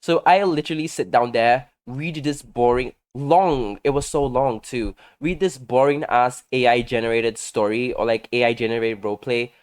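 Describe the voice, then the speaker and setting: A man talking casually over his gameplay, telling gossipy stories in a sassy, animated way and laughing often. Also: medium pitch, moderate pace, few pauses. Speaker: game content creator.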